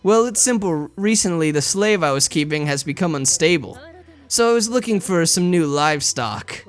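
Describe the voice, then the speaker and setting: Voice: medium pitch, animated, moderate pace, natural voice. Someone reading a visual novel aloud, voicing a gaudy, brash, predatory woman in a near-plain voice.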